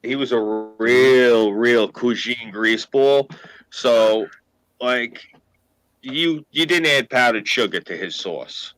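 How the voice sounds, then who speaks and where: Brief: New York man, bright forceful voice, dry close sound, swearing storyteller. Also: mid-range voice, takes it slowly, dry recording, rough recording. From Queens, New York. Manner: profane, animated storyteller. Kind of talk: casual chat.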